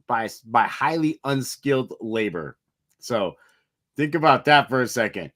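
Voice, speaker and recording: A man's voice: mid-range voice, expressive, moderate pace, a bit bright. A man co-hosting a motivational podcast, telling stories in a rambling, earnest way. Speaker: podcast co-host. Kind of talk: casual motivational chat.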